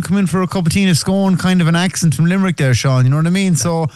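An Irish man joins a radio show as a guest and tells lively, joking stories. His voice sits fairly high for a man and sounds dry and close, with no room around it. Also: rapid-fire, smooth, no room sound. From Ireland. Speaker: guest, comedian and festival organiser. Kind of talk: casual radio chat.

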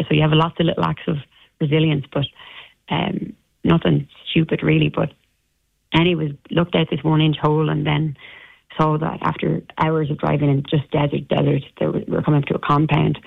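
An Irish woman, an interview guest, recounting an ordeal in a halting way with many restarts, heard over a tinny phone line. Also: sits low, vocal fry, husky, no echo. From Ireland.

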